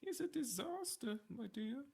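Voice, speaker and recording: A woman voicing a gentle, worried old husband who pleads and stammers. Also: high-pitched, lively intonation, measured pace, vocal fry, husky, pitched above the performer's own voice, heavily acted.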